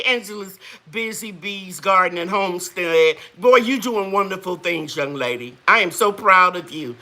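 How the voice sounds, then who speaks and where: A woman's voice: medium pitch, sharp tone. A woman hosting a live gardening chat, folksy and chatty, greeting viewers and laughing often. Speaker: gardening channel host.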